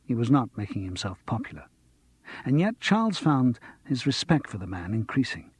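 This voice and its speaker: A man narrating an audiobook in a measured, wry way. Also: medium pitch, big pitch swings, husky. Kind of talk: scripted narration.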